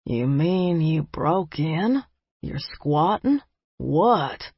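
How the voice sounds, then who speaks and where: A woman's voice: low voice, expressive, extremely slow, husky, dry recording, lo-fi sound, exaggerated voice. A woman voicing a bossy, impatient young man who acts as a magic warden, in an audiobook. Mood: baffled. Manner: demanding, impatient. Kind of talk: audiobook character voice.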